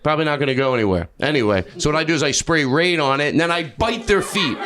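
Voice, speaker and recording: Middle-aged male comic, high-pitched, self-deprecating crowd-work riffs, live club audio with audience laughter. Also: lively intonation, fast, few pauses. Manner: rambling, self-deprecating, bursts into shouts. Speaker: stand-up comedian. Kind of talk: improvised stand-up riffing with a crowd. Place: comedy club stage.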